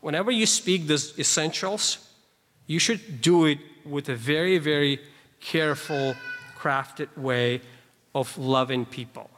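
Man, sermon, fairly high voice, emphatic scripture preaching, long hall reverb. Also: a little slow, fairly bright tone. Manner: emphatic, reads and explains scripture verses; conversational asides to the congregation.

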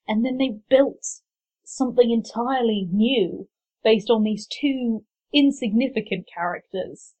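A woman's voice: a little high, a little slow, dark tone. A woman hosting a casual book podcast, talking in a chatty, enthusiastic way. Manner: chatty, enthusiastic, lots of restarts. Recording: slightly dull lo-fi recording.

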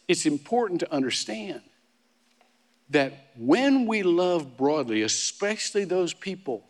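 A pastor, a man with a fairly high voice, delivers his sermon in an easygoing, talky way, backing up to restart and tossing in jokes at his own expense. Long hall reverb colors the recording.

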